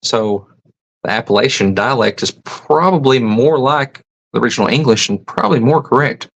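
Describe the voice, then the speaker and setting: A man's voice: mid-range voice, normal speed, muffled recording. A man hosting a casual livestream, reading chat comments aloud and musing over them. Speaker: host.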